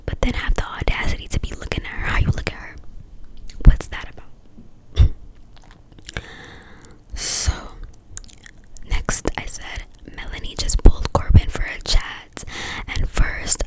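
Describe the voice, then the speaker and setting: A woman in a whispered ASMR rant, chatty and opinionated, full of "like" fillers. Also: low-quality recording. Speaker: ASMR creator.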